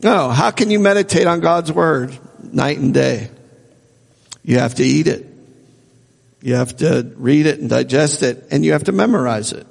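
A man's voice: a little high, lively intonation, normal speed, gravelly, breathy edge, big-room sound. A man preaching a sermon as a pastor, earnestly repeating phrases for emphasis.

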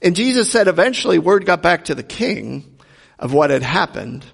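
A man's voice: fairly high pitch, sing-song, moderate pace, creaky, slightly rough. A man preaching a sermon as a pastor, retelling a story earnestly and asking the congregation rhetorical questions. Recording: long reverb of a large hall.

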